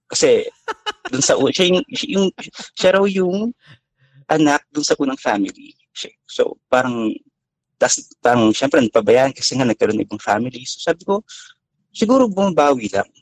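A man's voice: medium pitch, very animated, a little fast, pauses often, dry recording, rough recording. A man telling a personal story in a casual chat, hesitant and full of fillers.

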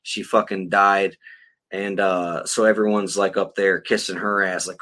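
Brash, profane man with a bright voice. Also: deep voice, little pitch movement, a little slow. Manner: profane, blunt and heated. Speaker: podcast co-host. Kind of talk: casual profane rant.

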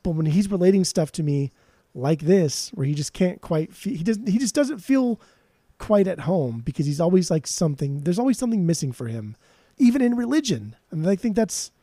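A podcast co-host talking with animated enthusiasm, cursing freely and joking around. His voice sits a bit high for a man but sounds mellow and dark in tone. The recording is dry, with no room sound. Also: moderate pace, dry recording. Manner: animated, swears casually, jokey. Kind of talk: casual music podcast chat.

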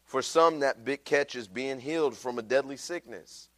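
A man's voice: mid-range voice, moderate pace. A middle-aged pastor preaching a sermon, telling his own story in a casual, heartfelt way. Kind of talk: sermon with personal testimony.

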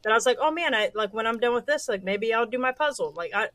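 A young woman chats as a guest on a casual livestream. Her voice is very bright and slightly high. She rambles and hesitates, with many fillers. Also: lively intonation, fast, dry recording.

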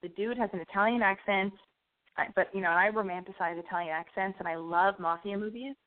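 Over phone-like, narrow-band audio, a young online radio host rambles through a story, swearing and cutting herself off as she goes. Her voice is medium-pitched and steady in tone, and she talks quickly.

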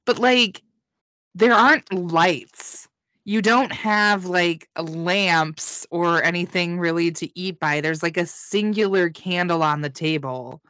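A woman's voice: lowish voice, slow pace, bright, forceful tone, dry recording. A woman co-hosting a podcast, chatting casually about a show, giggling and swearing freely. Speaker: podcast co-host. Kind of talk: casual recap chat.

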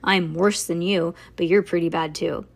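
A woman's voice: on the low side, steady tone, normal speed, gravelly, slightly rough. A woman voicing a determined, scheming young schoolgirl in a storybook, matter-of-fact in tone. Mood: frank.

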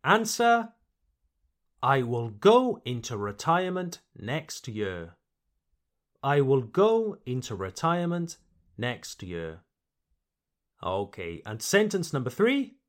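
Man, English teacher, slow careful delivery, lively rising and falling pitch, bilingual vocabulary lesson. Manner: slow, deliberate, repeats words for learners. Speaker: English teacher and podcast host.

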